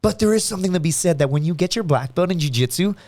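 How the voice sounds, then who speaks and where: A man guest on a podcast, telling stories in a casual, animated and profane way, acting out other people's lines. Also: sits high, quick pace. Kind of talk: casual storytelling chat.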